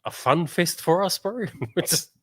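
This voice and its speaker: A man's voice: high-pitched, animated, a little slow, a bit bright, dry recording. A man with a New Zealand accent, a musician guest chatting casually, laid-back, laughing often and saying "bro" a lot. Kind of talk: casual chat.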